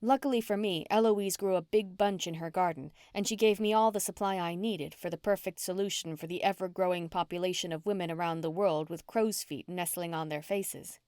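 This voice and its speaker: Woman, first-person audiobook narration, steady storytelling, lowish voice, dry close sound. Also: fairly quick, few pauses, no room sound.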